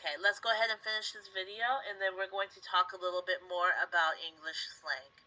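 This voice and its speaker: A woman's voice: fairly low pitch, steady tone, fast talker, sharp tone, poor audio. A woman English teacher patiently explaining to a student in a live online class. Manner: patient, explains clearly with examples.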